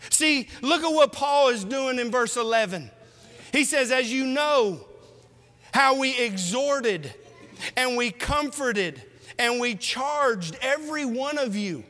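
Male preacher, very high, bright, forceful voice, lively exhortation, long hall echo. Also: slow. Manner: animated, exhorting the congregation with rhetorical questions. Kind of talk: sermon.

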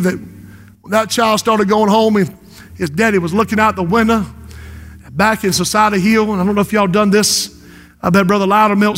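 A man with a South Carolina Lowcountry accent preaching a passionate sermon to a congregation, building to shouted refrains. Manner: impassioned, rising to shouted refrains. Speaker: pastor. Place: large church sanctuary. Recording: long reverb of a church hall.

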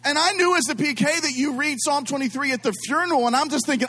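A man with a notably high voice delivers a storytelling sermon. He is middle-aged and animated, with self-deprecating jokes and frequent asides to the congregation. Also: fast talker.

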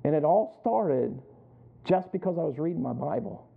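A male preacher with a high voice leads a sermon built on stories from his working life. He chuckles between lines and acts out both sides of each exchange. The sound is thin and tinny, like a phone line. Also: moderate pace, vocal fry. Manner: animated storytelling, acting out both sides of a conversation. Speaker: pastor.

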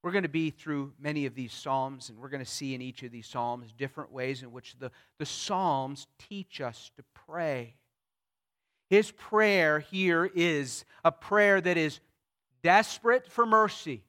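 A man preaching a sermon, retelling scripture in the first person, swelling loud on key phrases and dropping soft after. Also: a little high, unhurried. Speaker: pastor.

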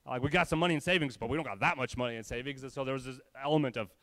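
A man preaching to his church, telling a personal story with animated, humorous quoted voices. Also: medium pitch, very fast, no echo. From California. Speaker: pastor. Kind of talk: sermon storytelling.

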